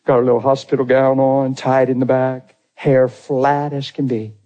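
A man preaching a personal testimony, acting out the dialogue, swinging from near shouts to hushed tones. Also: medium pitch, level tone, normal speed, dull audio. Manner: acts out dialogue in his story. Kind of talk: testimony sermon.

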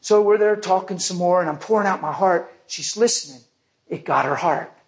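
A man's voice: high voice, normal speed. A man preaching a testimony, telling a vivid story and acting out the people in it.

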